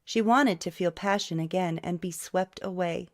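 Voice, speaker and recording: A woman's voice: on the low side, moderate pace. A woman narrating a novel as an audiobook, reading all the characters' lines herself. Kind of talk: scripted narration.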